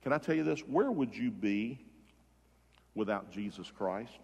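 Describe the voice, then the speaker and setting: A man preaching a sermon as pastor, swinging between loud emphasis and hushed softness and repeating words for effect. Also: on the low side, animated, unhurried, vocal fry, slightly rough. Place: church sanctuary. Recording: long reverb of a large hall.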